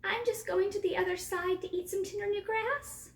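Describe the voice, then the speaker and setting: Lady doing a little scared goat kid, high and pleading, echoey. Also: fairly even intonation, normal speed, distant mic. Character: small frightened young billy goat. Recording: echoey room, off mic.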